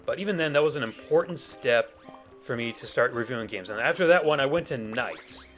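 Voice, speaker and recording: Guy rambling over a game playthrough, lively swingy voice, faint game music behind. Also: medium pitch, a little fast. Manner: rambling, animated, self-correcting. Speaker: gaming YouTuber. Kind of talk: let's play commentary.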